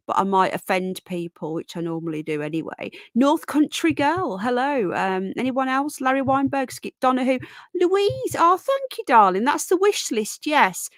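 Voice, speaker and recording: A woman's voice: mid-range voice, a bit bright, no room sound, clean studio sound. A tired, yawning woman hosting a casual live stream, chatting and greeting viewers by name as darling and sweetheart. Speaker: livestream host.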